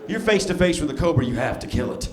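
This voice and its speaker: On a comedy club stage, a stand-up comedian from near Birmingham, Alabama, with a mild Southern accent and a mid-range voice, tells stories in a sardonic manner with quick asides to the crowd. The echoey club room carries audience laughter throughout.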